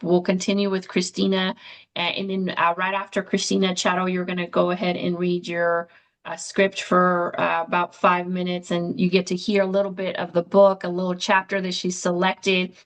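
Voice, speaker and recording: A woman's voice: lowish voice, little pitch movement, moderate pace, low-quality recording. A woman moderating an online book launch over a video call, reading comments aloud with many fillers. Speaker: event moderator.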